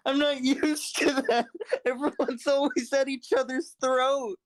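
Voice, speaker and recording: A woman plays a tabletop game, anxious and swearing as things go unexpectedly well. She speaks slowly, and her voice sits somewhat high. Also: steady tone, no echo. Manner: anxious, swearing, laughing nervously. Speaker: player. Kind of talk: casual tabletop play.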